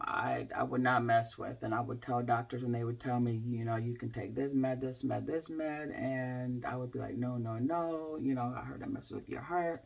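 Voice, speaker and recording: A woman in her forties, a health coach, telling a candid personal story to camera in a halting way, with many fillers and restarts. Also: extremely low pitch, vocal fry. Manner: candid, speaks in plain everyday terms.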